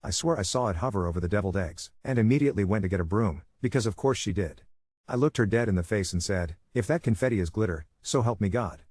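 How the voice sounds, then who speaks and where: A man reads a first-person story aloud in a dry, wry way. His voice sits a little low. The recording is dry and close, with no room sound. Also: animated, quick pace, a little mellow, husky, no room sound. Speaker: narrator. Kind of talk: scripted story narration.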